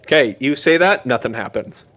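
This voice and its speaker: A man serving as game master for a tabletop game narrates in a hesitant way, full of ums, fillers, and restarts. His voice is medium-pitched and fairly bright, with lively intonation at a normal speed.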